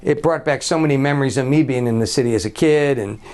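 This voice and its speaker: A man's voice: mid-range voice, quick pace, darkish tone. A man from Brooklyn, a guest entertainer chatting on a talk show, laughing often and stumbling over his words. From Brooklyn, New York. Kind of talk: casual talk show chat, telling a joke.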